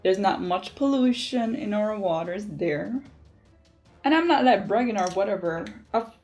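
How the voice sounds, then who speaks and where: A young woman from Jamaica with a Jamaican accent, chatting casually to camera in an animated way and laughing often. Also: medium pitch, a little slow, faint music behind. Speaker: vlogger.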